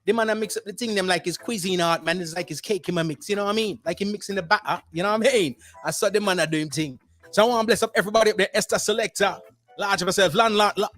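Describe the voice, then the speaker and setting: A man hosting a radio show from home, giving lively slang-filled shout-outs and slipping into patois for fun, a little under the weather. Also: on the high side. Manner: slips into Caribbean-style patois for fun. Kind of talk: energetic radio DJ chat. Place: at home, remote broadcast.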